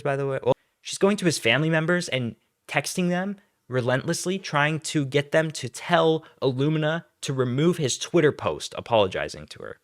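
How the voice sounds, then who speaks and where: A man's voice: mid-range voice, no room sound, clean studio sound. Sarcastic, profane young male commentator. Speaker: YouTube commentator. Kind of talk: ranting commentary.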